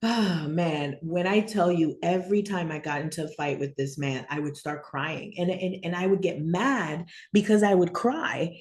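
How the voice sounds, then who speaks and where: A woman teaching an informal online lesson, rambling and checking in with "right?" and "okay?", laughing easily and getting animated when she tells stories. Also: lowish voice, moderate pace, hardly any pauses. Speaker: spiritual teacher. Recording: echoey room.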